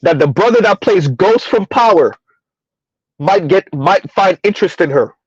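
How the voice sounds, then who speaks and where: Guy ranting on his channel, kinda high voice, rambly, keeps going huh?, dull dry lo-fi audio. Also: animated, normal speed, husky, no echo. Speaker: commentary vlogger. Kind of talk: opinionated casual commentary.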